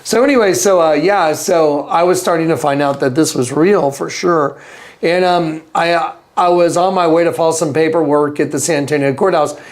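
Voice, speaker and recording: In an interview, a guest with a fairly high-pitched voice tells a casual story at normal speed. His telling is rambling and full of restarts and side comments, and he voices other people's lines loudly.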